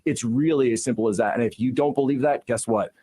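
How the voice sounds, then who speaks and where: A man's voice: medium pitch, fast, mellow, breathy edge. A man ranting about politics, indignant and repeating himself. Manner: indignant, repetitive. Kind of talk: political rant.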